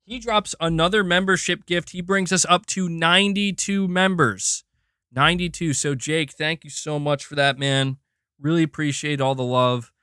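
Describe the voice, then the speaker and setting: A young man hosting a casual live stream, excitedly thanking members and chatting while doing curls. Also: a little high, normal speed, clean tone, no room sound, studio quality. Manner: excitable, reads out member gifts, chats while exercising. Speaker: livestream host.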